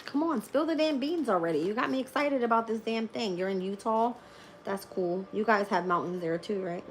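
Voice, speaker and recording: A woman's voice: mid-range voice, fairly quick, slight background noise. Laughing, swearing woman streamer. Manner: laughs often, swears freely, animated storytelling. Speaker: tarot reader streamer. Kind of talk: casual live-stream chat.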